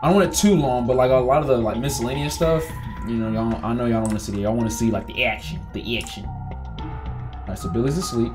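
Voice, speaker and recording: A man's voice: mid-range voice, lively intonation, fast. A man doing chatty let's-play commentary, talking straight to his viewers and yelping when something startles him. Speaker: gaming YouTuber. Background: game music.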